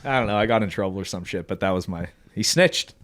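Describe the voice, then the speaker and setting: A man telling a story on a podcast in a casual, profane, animated way, often laughing as he talks. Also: low-pitched, quick pace. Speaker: podcast co-host.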